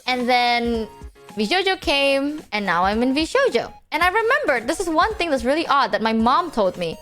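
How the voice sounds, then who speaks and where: Girl streamer chatting, kinda high voice that swings all over, lots of bro and like, faint music under. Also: normal speed. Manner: animated slangy storytelling. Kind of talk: casual stream chat.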